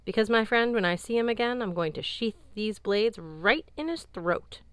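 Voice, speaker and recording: A woman's voice: medium pitch, moderate pace, fairly bright tone, smooth, no echo, natural voice. A woman reading an audiobook, voicing a fierce, bitter young woman warrior in a brusque, sardonic tone. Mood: vengeful. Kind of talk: audiobook character voice.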